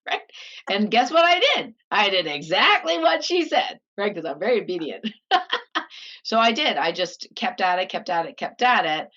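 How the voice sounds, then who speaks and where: A woman's voice: mid-range voice, moderate pace. A middle-aged woman from Canada telling her life story in a casual interview, laughing often and acting out what others said. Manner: animated, laughs often, acts out quoted voices. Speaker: guest. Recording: slightly dull lo-fi audio.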